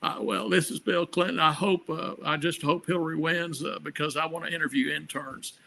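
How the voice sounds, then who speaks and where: A man putting on a cheeky impression of a male former president, his voice raised well above his usual pitch. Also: steady tone, fairly quick, gravelly, sharp tone, full character voice.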